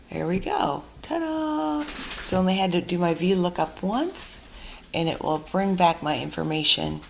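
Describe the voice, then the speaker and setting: Low, gravelly woman teaching spreadsheets. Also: a little hiss or hum. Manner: chatty, talks herself through each step. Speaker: instructor. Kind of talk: screen-recorded software tutorial.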